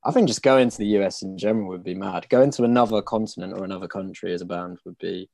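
Laid-back young musician, low voice. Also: male voice, fast talker, gravelly, dry recording, studio quality. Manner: relaxed, rambling, trails off softly. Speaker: band member. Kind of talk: casual interview chat.

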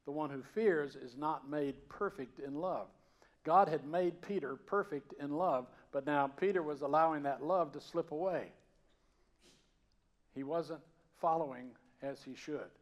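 A man from the Georgia mountains, raised with a Southern accent, preaching a sermon in a conversational, storytelling way that swings from loud to hushed. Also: on the high side, unhurried. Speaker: pastor.

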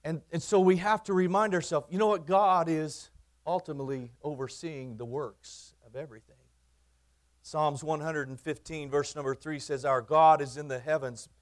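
A man, a pastor preaching in his church, earnest, repeating phrases for emphasis and swinging from loud to quiet. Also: fairly high pitch, normal speed. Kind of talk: sermon.

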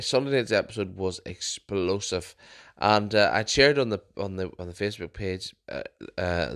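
A man's voice: lowish voice, fairly bright tone. A young man hosting a podcast, telling stories in a casual, rambling way with frequent restarts and self-corrections. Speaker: podcast host.

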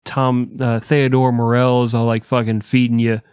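A man's voice: mid-range voice, flat delivery, normal speed, darkish tone, clear, resonant tone, no room sound, studio quality. A man co-hosting a history podcast, joking crudely and swearing often in casual banter. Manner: jokey, crude, swears a lot. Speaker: podcast co-host.

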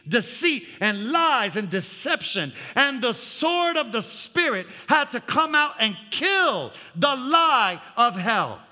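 Older male pastor, fiery sermon, very high bright voice, swooping pitch, long hall reverb. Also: very animated, slow pace, few pauses. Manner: fiery preaching, hallelujah refrains.

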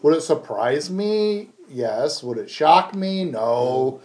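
A man co-hosting a casual sports chat, cursing and laughing through quick banter. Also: on the high side, expressive, darkish tone. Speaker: podcast co-host.

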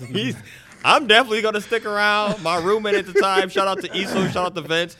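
A man's voice: sits high, fairly quick. A man in his thirties from Ohio, telling stories in casual podcast chat and laughing often. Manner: animated storytelling, laughs often. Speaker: podcast host.

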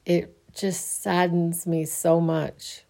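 A sleepy, yawning woman musing on faith in a halting, casual way, often restarting her sentences. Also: fairly low pitch, level tone, vocal fry. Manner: slow, halting, restarts often, soft laughs.

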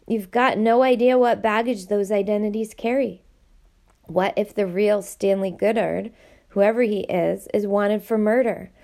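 A woman voicing a weary, sympathetic middle-aged male headmaster, speaking gently and apologetically in an audiobook reading. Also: medium pitch, fairly even intonation, unhurried, gravelly. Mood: earnest.

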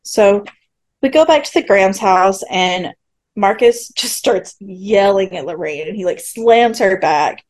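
Unhurried and lively in intonation, a woman with a medium-pitched voice co-hosts a podcast. She casually recaps a TV episode, performing the quoted lines and laughing a lot.

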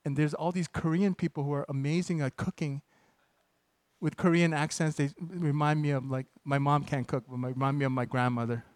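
A male pastor delivering a sermon in a fairly high voice, chatting and joking with his congregation before pressing his points with rising emphasis. The sound is close and dry, with no room around it. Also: steady tone, brisk, dry recording. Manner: conversational and joking, with sudden emphatic bursts.

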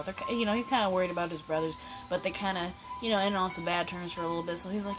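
A woman hosting a casual podcast, relaxed and giggly while stoned, swearing freely. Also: on the low side, very fast, over music, poor audio. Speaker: podcast host. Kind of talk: casual chat.

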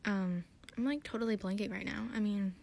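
A woman's voice: medium pitch, fairly even intonation, a little fast, creaky, a little mellow. A tired woman hosting a podcast, recapping an episode in a rambling, hesitant, self-deprecating way. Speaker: podcast host.

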